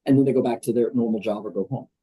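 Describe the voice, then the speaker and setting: A man's voice: medium pitch, rapid-fire, dark tone, slightly rough, poor audio. An older American man, a guest on a podcast interview, talking in a conversational, emphatic way with many fillers. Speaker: guest, wellness program leader.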